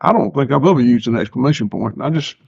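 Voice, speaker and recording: A man's voice: mid-range voice, lively intonation, quick pace, gravelly, a little mellow, breathy edge, no room sound. An older man, a farmer guest, chatting casually in an interview with laid-back, dry self-mocking humor. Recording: slightly dull lo-fi sound.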